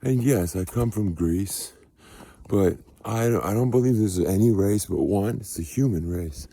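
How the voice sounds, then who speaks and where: A man's voice: fairly low pitch, a little slow, vocal fry, dark tone, slightly rough, dry recording. A man delivering a rambling, preachy vlog monologue while walking outdoors at night, talking into his phone, with faint outdoor noise around him. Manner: rambling, preachy, grows heated and emphatic. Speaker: vlogger.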